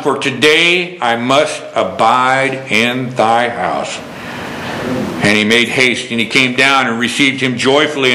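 A man preaching in a bright, forceful voice. He tells a story and builds to excited preaching. His voice rings through an echoey hall over a faint hum. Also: mid-range voice. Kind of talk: sermon.

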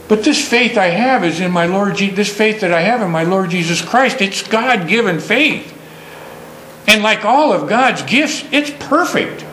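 Slow, bright-voiced male preacher. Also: high-pitched, expressive, echoey room, slight background noise, poor audio. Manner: slow, emphatic preaching with rising emphasis. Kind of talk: sermon.

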